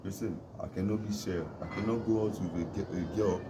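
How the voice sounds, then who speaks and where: Deep-voiced man preaching outdoors. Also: steady tone, brisk, background noise. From Africa. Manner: preachy, emphatic, repetitive. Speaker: vlogger. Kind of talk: rambling outdoor monologue. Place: outdoors in the cold near his home.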